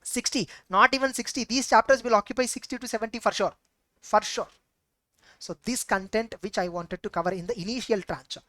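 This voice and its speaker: A woman's voice: on the high side, a little fast, fairly bright tone, no room sound. A woman with an Indian English accent teaching an online exam-prep lecture, emphatic and repetitive, posing rhetorical questions.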